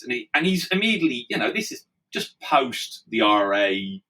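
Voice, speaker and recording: A man with an Irish accent, a guest telling anecdotes in an animated, laughing way. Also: lowish voice, a little fast, few pauses, far from the mic, poor audio. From Ireland. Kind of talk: storytelling in conversation.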